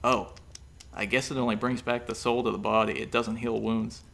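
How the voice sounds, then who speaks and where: A careless young schemer with an offhand, shrugging delivery, as a male storyteller puts him on. The voice is gravelly and stays casual. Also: lowish voice, little pitch movement, normal speed, a bit bright. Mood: nonchalant.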